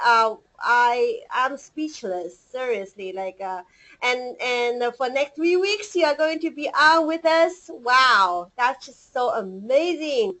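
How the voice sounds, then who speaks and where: A woman's voice: high voice, takes it slowly, fairly bright tone. A woman co-hosting a group call. She sounds giddy, her voice shakes, and she uses many fillers. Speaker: co-host of a business group call. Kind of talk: excited moderating on a conference call. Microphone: online call audio.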